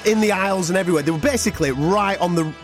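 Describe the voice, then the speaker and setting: A man co-hosting a podcast, excitedly retelling events in casual chat, often breaking into shouts and laughter. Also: high voice, very fast, soft background music. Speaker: podcast co-host.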